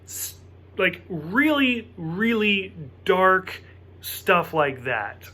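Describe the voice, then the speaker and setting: A man's voice: high voice, sing-song, very slow, sharp tone. A man giving a casual spoken TV episode review to camera, emphatic and worked up, swearing freely.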